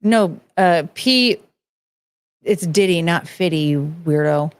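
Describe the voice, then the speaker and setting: A woman's voice: fairly low pitch, slow pace, clean tone, no echo. A woman in her thirties hosting a casual show, talking bluntly and a bit profanely while reading and answering chat. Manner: blunt, profane, animated, mocking voices in quotes. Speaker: streamer host reading chat.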